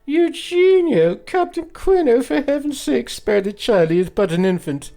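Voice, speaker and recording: A man doing a shrill, melodramatic young woman. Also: expressive, moderate pace, a little mellow, faint music behind, close to an everyday voice. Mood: terrified. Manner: high falsetto, melodramatic sighing.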